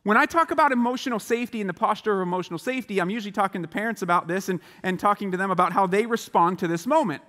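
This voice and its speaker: A man giving a motivational chapel talk to students, animated and acting out the voices of the people in his stories. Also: high-pitched, rapid-fire, hardly any pauses, in a large hall. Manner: animated, acts out quoted voices. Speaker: chapel speaker. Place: large school chapel hall.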